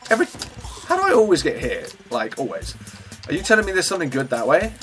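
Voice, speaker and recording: A man's voice: on the high side, fast talker, faint music behind. Chatty man narrating gameplay. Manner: chatty, self-mocking, with sudden excited outbursts. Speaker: gaming channel host. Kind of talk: let's play gameplay commentary.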